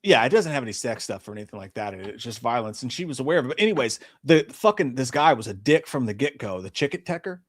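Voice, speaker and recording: A man's voice: medium pitch, fast, hardly any pauses. A man co-hosting a live movie talk stream, swearing a lot and telling stories with energy. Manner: profane, animated storytelling. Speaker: podcast co-host. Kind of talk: casual live-stream chat.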